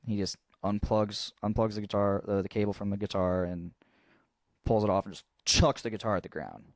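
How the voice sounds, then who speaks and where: Deep-voiced rambling man telling a story. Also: fairly even intonation, a little fast, no echo. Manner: rambling, swears freely, restarts often, laughs at own story. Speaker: podcast co-host. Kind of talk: casual storytelling chat.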